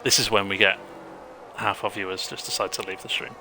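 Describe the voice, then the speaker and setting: A man's voice: lowish voice, level tone, fairly quick, over music. A man co-commentating a live sim race, chatty and joking between calls.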